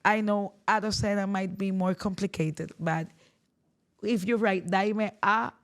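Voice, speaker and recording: Slow, gravelly Cuban woman. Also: medium pitch, fairly even intonation. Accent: Cuban Spanish. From Cuba. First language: Spanish. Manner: thoughtful, searching for words. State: sleepy voice. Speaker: guest singer. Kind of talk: casual interview chat.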